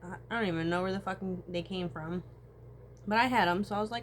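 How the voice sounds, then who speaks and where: A woman's voice: medium pitch, fast, slight background noise. A woman, talking in a casual, profane personal monologue. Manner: casual, profane, animated storytelling with frequent laughs.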